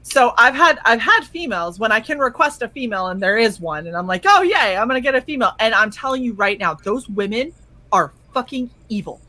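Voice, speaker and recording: A young woman co-hosting a casual chat stream, telling animated stories with blunt, frequent swearing. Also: fairly high pitch, fairly quick, dry recording. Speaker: stream co-host.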